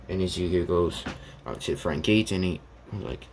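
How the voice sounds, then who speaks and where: A man telling a made-up fan story off the cuff, rambling and halting, voicing the characters' lines as he goes. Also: deep voice, slight background noise. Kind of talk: improvised fan story narration.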